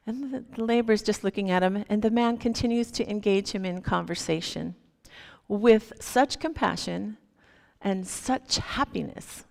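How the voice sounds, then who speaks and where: A woman minister telling a story in a sermon, gentle and unhurried. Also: mid-range voice, gravelly. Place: church sanctuary. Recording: long hall reverb.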